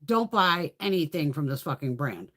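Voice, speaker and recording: A woman's voice: deep voice, expressive, moderate pace, fairly bright tone. Blunt, swearing woman chatting on a livestream. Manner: profane, blunt storytelling, reads viewer comments. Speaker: livestream host. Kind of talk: casual livestream chat.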